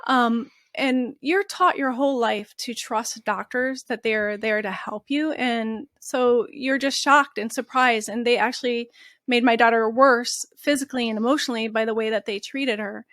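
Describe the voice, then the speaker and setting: Earnest woman telling her story as a podcast guest, higher voice, dry sound. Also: steady tone, moderate pace, a bit bright, no room sound. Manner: earnest, emotional recounting. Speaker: guest, mother of a patient. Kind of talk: interview storytelling.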